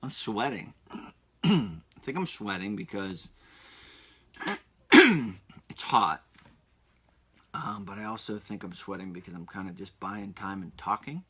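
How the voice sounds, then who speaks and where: A man's voice: on the low side, expressive, slow pace, long pauses, sharp tone, husky. A man hosting his own podcast, rambling in a casual solo chat full of asides and restarts. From Pennsylvania. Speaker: podcast host.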